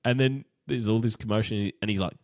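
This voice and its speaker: A man recapping a TV show in casual chat, acting out scenes in quick quoted voices. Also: on the low side, steady tone, darkish tone, dry recording, clean studio sound. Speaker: podcast co-host.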